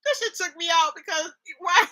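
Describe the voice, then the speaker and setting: Bright, high-voiced young woman vlogger. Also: a little slow. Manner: animated, laughing, slangy, does mock accents. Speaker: host. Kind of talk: casual commentary vlog.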